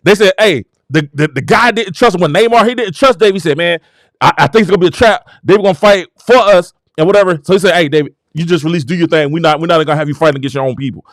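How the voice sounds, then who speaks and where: A man hosting his own show, delivering a fervent, preaching-style motivational talk that swings from low murmurs to shouted exclamations. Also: fast talker, no echo. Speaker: show host.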